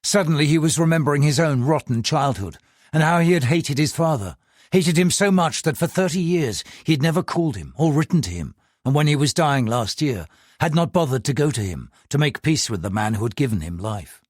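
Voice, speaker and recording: Expressive male audiobook narrator, husky. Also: on the high side, fairly quick, dry recording, clean studio sound. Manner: expressive storytelling.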